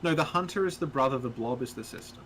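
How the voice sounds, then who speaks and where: A man's voice: medium pitch, fast, a bit bright, a little hiss or hum, rough recording. A man co-hosting a game stream, chatting casually and explaining plainly. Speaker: streamer co-host. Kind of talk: casual chat while playing a game.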